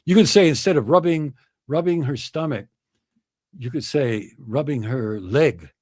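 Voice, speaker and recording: A man's voice: measured pace, darkish tone, dry recording. A middle-aged man hosting a livestream, reading comments and telling jokes with a chuckle. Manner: chuckling, acts out joke voices with big pitch swings. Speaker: livestream host.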